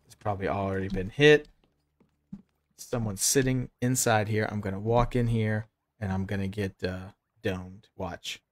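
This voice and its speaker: A man's voice: lowish voice, measured pace, no echo. A man in his thirties with a Southern American accent, chatting casually to viewers while narrating his gameplay. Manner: chatty, talks to himself and to chat while playing. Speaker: game streamer. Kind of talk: live gameplay commentary.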